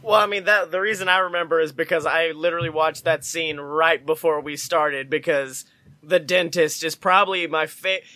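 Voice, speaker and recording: Brief: man, podcast co-host, high bright voice, dry close sound, profane and joking. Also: steady tone, normal speed, no room sound. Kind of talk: casual chat.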